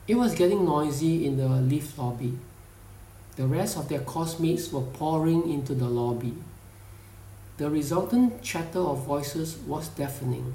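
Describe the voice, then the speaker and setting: A man reading a story aloud as narrator, measured and deliberate. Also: a little high, warm tone. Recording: echoey room, distant mic.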